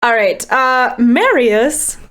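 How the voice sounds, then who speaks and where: A woman's voice: fairly high pitch, animated, slow pace, fairly bright tone. A woman narrating scenes as game master of a tabletop game, easygoing and descriptive, with small chuckles.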